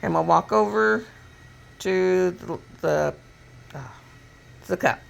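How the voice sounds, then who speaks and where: A woman's voice: lowish voice, takes it slowly, creaky. A woman, a crafting vlogger chatting casually and retelling a story with quoted voices at her home workstation.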